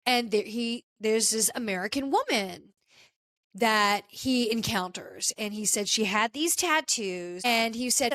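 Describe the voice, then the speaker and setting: A woman's voice: fairly high pitch, no echo. A woman podcast co-host casually retelling a story, quoting people as she goes, with frequent restarts. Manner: animated retelling with quoted voices and restarts.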